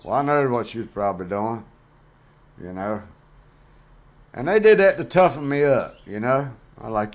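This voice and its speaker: A man's voice: medium pitch, very animated, moderate pace, pauses often. A middle-aged man talking bluntly and plainly in a casual vlog monologue, rambling with fillers. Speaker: vlogger host.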